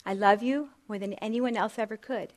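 A woman voicing a gentle young man, a king's son, speaking softly and tenderly. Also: mid-range voice, normal speed, lightly acted. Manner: soft, tender, reassuring.

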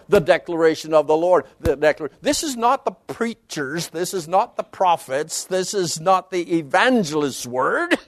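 A man giving an expository Bible lecture, emphatic and animated, dropping low and quiet to stress key words and reading scripture passages aloud quickly. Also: dry recording, studio quality. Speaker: Bible teacher.

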